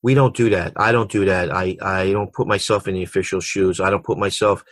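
A man's voice: low-pitched, fairly even intonation, a little fast, a bit bright, no room sound. A middle-aged man, a basketball coach, answering interview questions with frequent restarts and repeated words. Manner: repeats words and restarts often, tells anecdotes.

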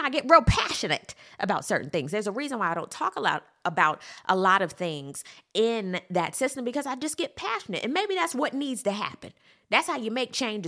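Lively woman host talking straight to camera. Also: mid-range voice. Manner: animated, talks straight to her audience with many asides. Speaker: commentary show host. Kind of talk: casual solo commentary.

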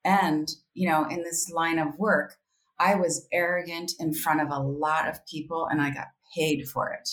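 A woman with a low-pitched voice appears as a podcast guest in a casual interview conversation, speaking at a measured pace. She is candid, reflective and animated, often quoting her own inner voice, and the recording has a roomy echo.

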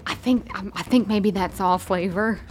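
A woman's voice: mid-range voice, moderate pace, a little hiss or hum. A woman playing a tabletop game, chatting in a giggly, playful way. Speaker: player. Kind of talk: casual tabletop game chat.

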